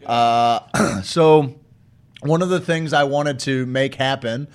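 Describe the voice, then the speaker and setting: A man's voice: mid-range voice, slow, smooth. A man casually telling stories on a podcast, laid-back, with many "uh"s and casual swearing. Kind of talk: casual storytelling chat.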